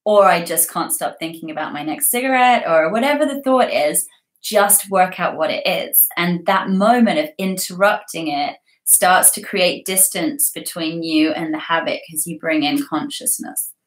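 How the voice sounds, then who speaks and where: A woman's voice: fairly low pitch, moderate pace. A young woman hosting a casual livestream, chatting and giggling as she reads viewer comments. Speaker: livestream host. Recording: roomy echo.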